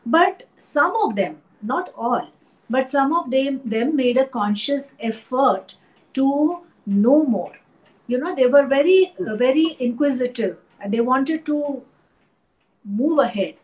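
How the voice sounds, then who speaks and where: A woman with an Indian English accent, an art historian and teacher, speaking thoughtfully in an interview with many pauses and fillers. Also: high voice, lively intonation, poor audio. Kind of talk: interview conversation.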